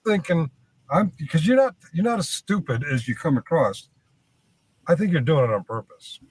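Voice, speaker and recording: A man's voice: on the high side, expressive, moderate pace, darkish tone, slightly rough, no echo, rough recording. A man ranting to the camera, arguing his point over and over with plenty of swearing. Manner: preachy, argumentative, swearing. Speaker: streamer.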